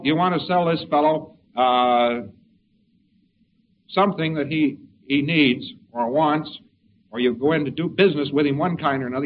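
A man giving an informal lecture in a folksy, rambling way with wry asides. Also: on the high side. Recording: dull lo-fi recording with faint hiss.

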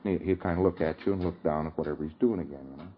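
A man with an extremely low voice delivers a conversational lecture very fast, captured in lo-fi sound. He chuckles often and keeps checking that his listeners are following along.

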